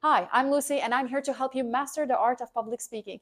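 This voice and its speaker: A woman who coaches public speaking, talking to camera in an energetic, emphatic way and repeating her key points. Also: sits high, fast, faint music behind. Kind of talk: scripted educational talk to camera.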